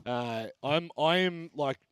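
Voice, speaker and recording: A man's voice: on the high side, slow pace, a bit bright, clean tone. An Australian man casting esports, chatting and joking in playful on-air banter. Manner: jokey, playful, laughs easily. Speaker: esports caster.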